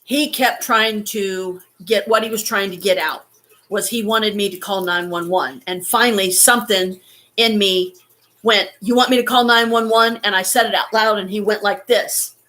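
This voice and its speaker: Casual woman vlogger, shaken and holding back tears, halting speech with some swearing. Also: medium pitch, steady tone, pushed and bright. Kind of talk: emotional personal story.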